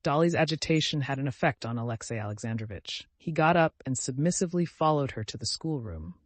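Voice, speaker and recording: Guy narrating a classic novel audiobook, steady and measured, mid voice. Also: mid-range voice, no echo. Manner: even, measured reading. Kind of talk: scripted narration.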